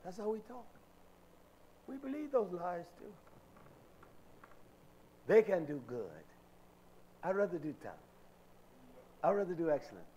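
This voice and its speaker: Older male preacher, lively sermon, voice swinging high and low, raised pitch. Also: a little slow, long pauses, highs cut off, a little hiss or hum. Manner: animated, acts out quoted voices.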